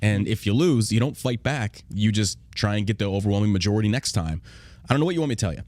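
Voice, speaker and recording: Profane combative American man, low and dry. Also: lively intonation, fast talker, a little mellow, no echo. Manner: profane, combative, laughing often. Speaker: podcast host. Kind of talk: casual podcast rant.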